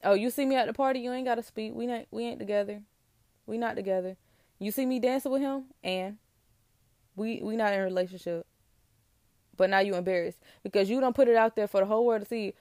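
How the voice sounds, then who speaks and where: A young woman, ranting about relationships in a sassy, emphatic, animated way. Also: fairly high pitch, quick pace, dry recording, studio quality. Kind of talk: casual relationship rant to camera.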